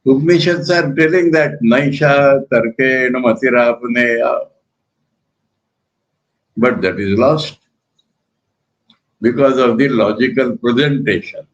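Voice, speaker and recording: An older Indian-accented monk gives a spiritual lecture in a measured, emphatic style, repeating key words. His voice is mid-range, and the audio sounds dull.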